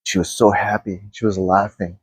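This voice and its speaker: A man talking slowly and softly as a spiritual teacher, guiding listeners through a meditation with sighs and repeated phrases. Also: lowish voice, flat delivery, breathy edge, dry recording. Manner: slow, hushed and drifting, with sighs and repeated phrases. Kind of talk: guided meditation talk.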